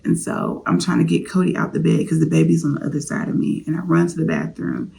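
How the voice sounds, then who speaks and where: A woman's voice: low-pitched, sing-song, quick pace, vocal fry, dark tone, slight background noise. A woman vlogger candidly telling a personal story, confiding straight to her viewers.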